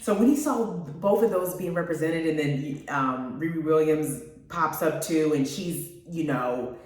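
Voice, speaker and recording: A woman's voice: sits low, unhurried, darkish tone. A woman hosting a radio show, chatting casually and gushing to her listeners about a movie. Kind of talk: casual movie review chat. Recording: very echoey room, mic at a distance.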